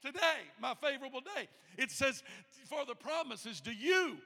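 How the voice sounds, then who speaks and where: A man preaching a sermon as pastor of the church, moving from quiet storytelling to loud, shouted calls to the congregation. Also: very high-pitched, lively intonation, moderate pace, vocal fry, in a large hall. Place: church sanctuary.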